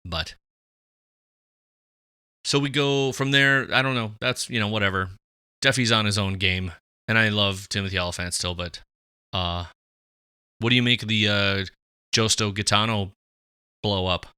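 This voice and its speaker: A man with a strikingly bright, forceful tone and a fairly low pitch talks through a TV episode with a co-host. He rambles in an animated way, full of fillers and restarts. The sound is close and dry, with no room around it. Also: normal speed, long pauses, clear, resonant tone, no echo. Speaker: podcast co-host. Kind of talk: casual chat.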